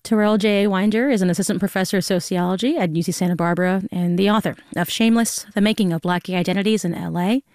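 A woman's voice: medium pitch, a little mellow, dry recording. A woman hosting a morning radio show, friendly and conversational, speaking into a studio microphone. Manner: friendly, conversational, quick to laugh. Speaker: radio news host. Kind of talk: live radio hosting and interviewing.

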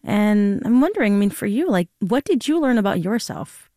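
A woman's voice: mid-range voice, sing-song, normal speed, warm tone, no room sound, studio quality. A woman hosting a public radio morning show, conversational and friendly, interviewing a guest and reading station announcements. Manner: friendly, conversational, some fillers. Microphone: studio mic, dry.

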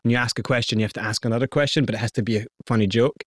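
Animated Scottish man telling a story. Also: mid-range voice, very fast, dry recording, studio quality. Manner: lively, animated storyteller who acts out quotes. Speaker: interview guest. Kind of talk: storytelling in a conversational interview.

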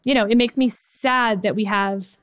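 A woman in her forties from Texas, co-hosting and talking candidly in an animated conversational discussion. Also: mid-range voice, normal speed, no room sound, studio quality. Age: 40s. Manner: animated, candid, chatty with many fillers. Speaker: podcast co-host.

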